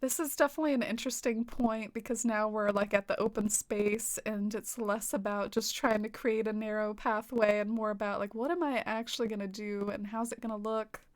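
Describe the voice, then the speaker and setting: Speaking fairly quickly with few pauses, a woman with a mid-range voice and steady tone chats casually on her game stream. She has a light Southern American twang, reads viewer comments, and giggles often between sentences packed with fillers.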